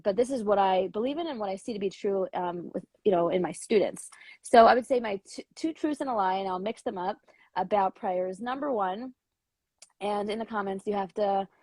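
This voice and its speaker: A woman educator with a slightly rough morning voice, speaking hesitantly with fillers and listing points slowly in a casual interview. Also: medium pitch, a little mellow, no echo. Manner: hesitant with many fillers, slow deliberate listing. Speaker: educator and author, guest. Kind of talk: casual video-call interview.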